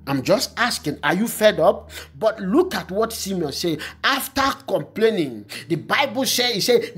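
A man's voice: high voice, sing-song, a little slow, hardly any pauses, fairly bright tone, breathy edge, soft background music. A man preaching fervently as a pastor, repeating phrases and praying in tongues. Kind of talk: online prophetic sermon and prayer.

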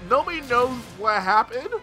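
A young man giving loud, profane let's play commentary, yelling at enemies as he plays. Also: very high voice, moderate pace. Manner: excitable, swears a lot, yells at enemies. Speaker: gameplay commentator. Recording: game music behind the voice.

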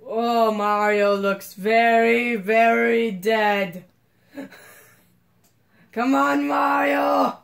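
A woman doing let's play commentary who giggles often and breaks into excited shouts. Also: a little high, very slow, creaky, pauses often. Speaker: gamer.

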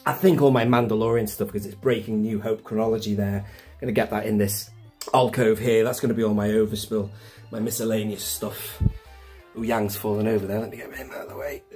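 Excitable British man vlogging at home. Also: on the low side, fairly quick, soft background music. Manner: excitable, enthusiastic, chatty. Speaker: toy collector vlogger. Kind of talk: casual show-and-tell vlog. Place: indoors at home, on a landing. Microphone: handheld camera on a gimbal.

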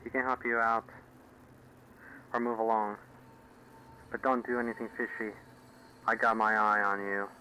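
A man's voice: fairly low pitch, level tone, moderate pace, pauses often, bright, forceful tone, slight background noise, poor audio. An actor playing a stern male mercenary recruiter in a video game, curt and warning.

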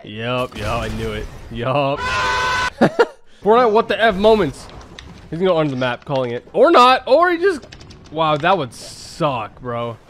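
A young man reacting to game clips in excited, slangy commentary, laughing often and calling everyone bro. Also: mid-range voice, moderate pace. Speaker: reaction video host. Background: game clip audio and music playing.

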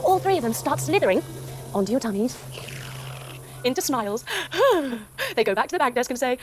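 A woman narrating an animated yoga adventure for children, with gasps, sound effects and pose instructions. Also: high-pitched, fairly quick, long pauses, faint music behind. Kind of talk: kids yoga story narration.

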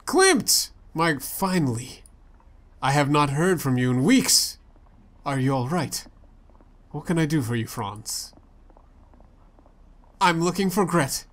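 A man's voice: fairly high pitch, slow, long pauses. A man playing a story game, reading its dialogue aloud in a playful way and switching voices for the characters. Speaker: let's play gamer.

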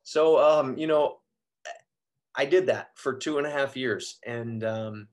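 A priest speaking as a guest, giving an earnest, reflective personal testimony with frequent pauses and fillers. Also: male voice, medium pitch. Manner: earnest, reflective, frequent ums and you-knows.

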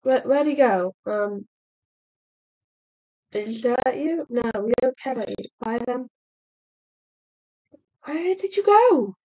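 High-pitched lady chatting through a game, gets excited, talks to the animals, kinda muffled recording. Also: takes it slowly, pauses often. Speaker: gameplay streamer. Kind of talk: casual let's-play commentary.

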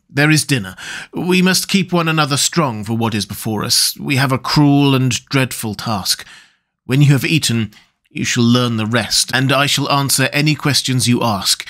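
A man reading an audiobook, voicing a sober, sorrowful gentleman doctor in a measured, formal way. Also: mid-range voice, natural voice. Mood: solemn.

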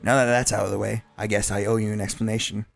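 A man reads game dialogue as the club president, an eerie, self-aware teenage girl, using a soft, low, creepy voice. He talks fast in a level, creaky tone over soft background music, and the mood is unsettlingly calm.

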